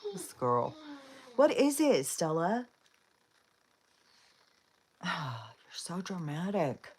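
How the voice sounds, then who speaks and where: Woman, very low voice, rambling live-stream chat, casual, coaxes her dogs. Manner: chatty and rambling, with frequent fillers and laughs; talks to her dogs in a coaxing voice.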